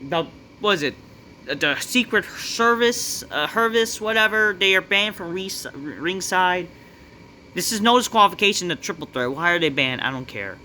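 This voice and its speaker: A man's voice: sits high, bright, forceful tone, a little hiss or hum. Profane, dismissive man ranting. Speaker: wrestling reviewer. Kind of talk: ranting review vlog.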